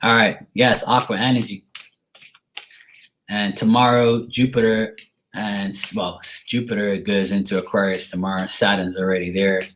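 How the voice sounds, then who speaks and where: A man's voice: fairly low pitch, little pitch movement, moderate pace, fairly bright tone, slight background noise, rough recording. A man from Bermuda, a tarot reader chatting casually and rambling with lots of fillers. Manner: rambling, filler-heavy, laid-back. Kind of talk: casual livestream chat.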